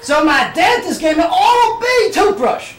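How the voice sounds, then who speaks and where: A loud Southern American pitchman yells a toothbrush ad, drawling and over the top, as a radio host puts him on. The voice sits high and strained. It rings out across an echoey studio. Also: sing-song, a little slow, full character voice. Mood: shouting. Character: loud shouting Southern man reading a toothbrush ad.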